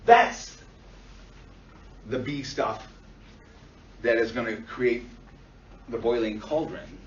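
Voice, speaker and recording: A man teaching a class, blunt and animated, swearing freely and acting out what clients say. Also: medium pitch, slow, slight background noise. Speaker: instructor. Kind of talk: classroom lecture. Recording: far-off echoey lo-fi classroom recording.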